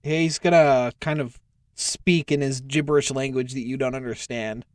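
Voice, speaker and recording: A man's voice: mid-range voice, steady tone, moderate pace, dry recording, clean studio sound. A young man running a tabletop game as game master, narrating in a casual, filler-heavy way with cursing.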